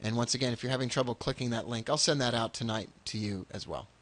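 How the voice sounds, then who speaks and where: A man hosting a webinar in casual chat, excitable and repeating words when eager. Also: mid-range voice, fast talker. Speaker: webinar host.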